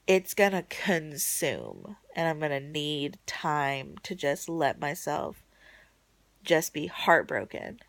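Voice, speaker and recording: A woman vlogging a casual video diary from home late at night, rambling and emotional, swinging between bright excitement and soft low murmurs. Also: no echo.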